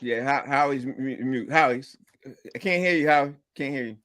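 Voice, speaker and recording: A man's voice: mid-range voice, moderate pace, fairly bright tone, no echo. A man hosting a casual podcast panel over a video call, often repeating himself to prompt the others. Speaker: podcast host.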